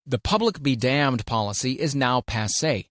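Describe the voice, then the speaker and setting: Man, audiobook narrator, mid-pitched voice, measured deliberate reading, emphatic stresses, dry close recording. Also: lively intonation, fairly bright tone, dry recording. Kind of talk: scripted audiobook narration of a self-help classic.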